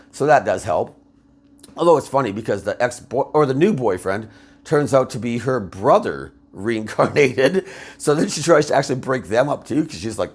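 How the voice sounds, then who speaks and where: A man commentating casually, retelling a story with laughs and rambling asides. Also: medium pitch. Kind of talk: casual video essay retelling.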